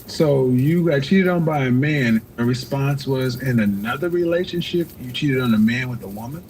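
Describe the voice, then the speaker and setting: A man's voice: medium pitch, normal speed, darkish tone, slight background noise. A man hosting a live call-in advice show, blunt and lecturing, cutting callers off.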